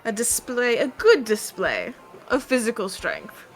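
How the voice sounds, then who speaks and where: A woman voicing a proud, wary male ship captain who speaks in a measured, formal way. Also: a little high, very animated, faint music behind, voice pushed up. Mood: stern. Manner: measured, formal, deliberate speech.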